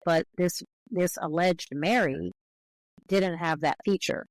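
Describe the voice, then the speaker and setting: A woman's voice: lowish voice, steady tone, slow, dry recording, low-quality recording. A woman guest on an interview, speaking as a linguist in a careful, explanatory way with frequent restarts.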